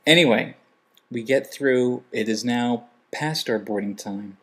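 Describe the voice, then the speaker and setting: A man's voice: medium pitch, steady tone, moderate pace, a bit bright. A man vlogging casually, telling a humorous travel story and acting out what people said. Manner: humorous, acts out quoted lines in other voices.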